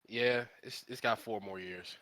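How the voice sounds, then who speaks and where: A man's voice: lowish voice, unhurried, sharp tone, dry recording. A man in a casual market chat, loose and hesitant, with fillers and lost words.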